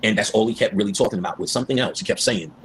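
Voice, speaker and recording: Low voiced guy, talks quick and lively, slips into voices for the quotes, slight background hiss. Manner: animated, acts out voices in quotes. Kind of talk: casual storytelling and spiritual talk.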